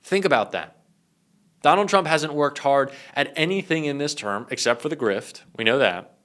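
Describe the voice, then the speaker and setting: Young guy ranting politics, bright punchy voice, fired up. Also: a little high, animated, moderate pace. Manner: indignant, emphatic. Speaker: political commentator. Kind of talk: political commentary.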